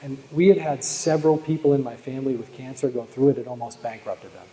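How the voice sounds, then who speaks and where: Fast and steady, this Boston man's mid-range voice has a dark tone, with slight background noise in the recording. He gives a live sales keynote full of jokes and stories, calling out to listeners in a big hall where the sound echoes at length.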